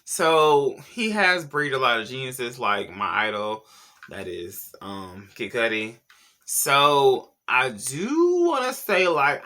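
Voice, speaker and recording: A man's voice: mid-range voice, big pitch swings, takes it slowly, bright, forceful tone. A man hosting a casual celebrity gossip vlog, sassy and slangy, talking straight to his viewers. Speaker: YouTube pop culture host.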